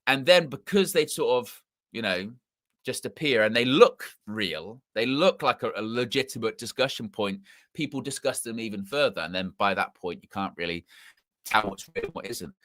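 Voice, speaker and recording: A man hosts a football fan stream in casual live chat, speaking with a mixed English accent in an animated, fairly bright mid-range voice at normal speed. He rambles and repeats himself while correcting his words, captured in a dry, clean studio recording.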